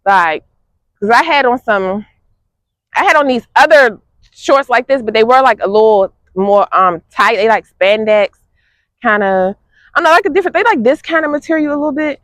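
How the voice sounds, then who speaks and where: A young woman vlogs outdoors in a high, animated voice. She chats casually to her viewers and laughs often. Her voice sounds close and dry. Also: normal speed, no room sound. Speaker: fitness vlogger. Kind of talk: casual vlog chat to viewers.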